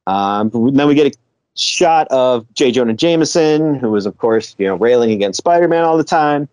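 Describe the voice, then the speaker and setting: A man's voice: mid-range voice, expressive, moderate pace, a little mellow, clean tone, no room sound. A man co-hosting a podcast, retelling a comic book story in loose, casual chat, chuckling often and swearing now and then. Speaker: podcast co-host.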